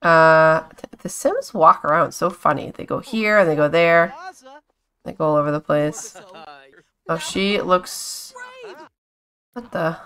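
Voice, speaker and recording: Woman streamer with a bright voice, chatty and giggly, narrating her gameplay casually. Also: low-pitched, measured pace. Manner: chatty, talks to her game characters; giggly, exclaims often.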